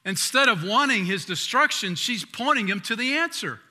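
A man preaching a sermon as pastor. He talks in a conversational way, restarting and repeating words, and swings between loud emphatic lines and quiet asides. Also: high-pitched, lively intonation, normal speed. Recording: long hall reverb.

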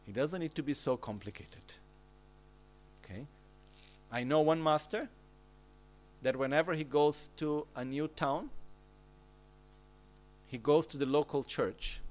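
Man, Buddhist teacher, gentle conversational teaching, frequent check-ins with listeners, mid-range voice. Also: medium pitch. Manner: gentle, keeps checking in with "okay?" and "no?"; plain conversational explanations with everyday examples. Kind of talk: Dharma teaching commentary.

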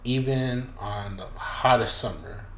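A man spins a personal story in relaxed chat, cursing freely and slipping into the voices of the people he describes. His mid-pitched voice rings in a roomy space with a faint noise floor. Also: takes it slowly. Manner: loose, profane, acts out voices in retelling. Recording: roomy echoey room.

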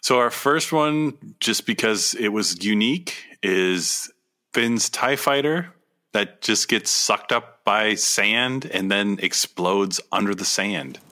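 A man with a deep voice that still comes across bright and forceful. He talks in relaxed, joking podcast banter and clearly enjoys the topic. His manner is casual and upbeat. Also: slow. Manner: enthusiastic, joking fan banter. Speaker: podcast co-host. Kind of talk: casual chat.

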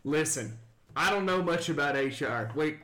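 A man's voice: a little high, expressive, normal speed, a bit bright, echoey room, slight background noise, pitched below the performer's own voice. A man voicing a laid-back male party bro who talks in an easygoing, slangy, soothing way. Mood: calming.

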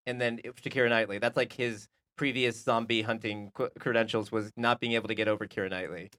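A man's voice: mid-range voice, steady tone, fast, fairly bright tone. A man co-hosting a casual podcast about TV, rambling through the week's shows with dry joking asides. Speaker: podcast co-host.

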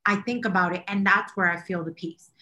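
A woman co-hosting a podcast in casual chat, animated and rambling, often laughing. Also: medium pitch, a little fast, dull audio. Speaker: podcast co-host.

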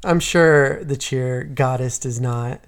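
Deep-voiced woman chiming in on a movie podcast, dry little remarks, laughs a lot. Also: slow pace, clear, resonant tone. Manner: dry interjections, frequent laughter. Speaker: podcast co-reviewer. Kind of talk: casual movie review chat.

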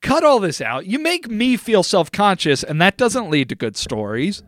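A man's voice: high voice, sing-song, moderate pace, a bit bright, no room sound, studio quality. Rambling, joking young man. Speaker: podcast co-host. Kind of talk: casual chat.

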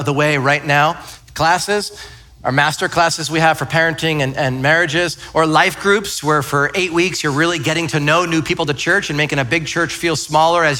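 Bright-voiced man preaching a sermon. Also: a little high. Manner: conversational storytelling, self-deprecating. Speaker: pastor. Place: church sanctuary.

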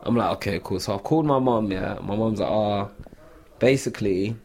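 A man's voice: lowish voice, normal speed, vocal fry, a little mellow. A man, telling a long story in a casual podcast chat, full of "like" fillers. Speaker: podcast co-host.

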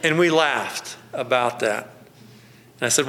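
A male pastor delivering a sermon through down-to-earth local stories. His voice sits at an ordinary middle pitch, and he often chuckles and drags out key words for emphasis. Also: noisy background. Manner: folksy storytelling, slows down for emphasis, chuckles often.

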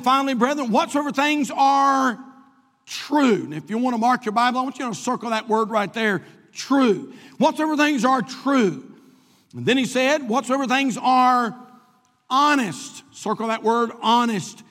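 A man's voice: very high voice, fairly bright tone. A man preaching a sermon as pastor, stretching out key words for emphasis. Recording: long reverb of a large hall.

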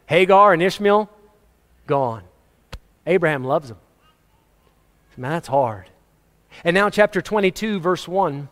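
A male pastor with a slightly high voice delivers a conversational sermon, slipping into acted quotes and small chuckles. His words ring out with a long reverb, as in a church sanctuary. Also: lively intonation, unhurried, long pauses, a bit bright.

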